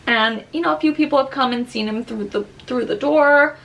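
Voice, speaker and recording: Rambling young woman with a gravelly edge. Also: high-pitched, a little fast, a bit bright, dull audio. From Long Island, New York. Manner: rambling and candid, many fillers like "um" and "like". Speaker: vlogger, new mother. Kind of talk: casual chat. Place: at home near her baby's crib.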